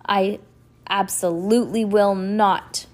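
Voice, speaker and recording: A woman voicing a fussy male banker in a read-aloud storybook, speaking loudly and indignantly. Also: medium pitch, animated, normal speed.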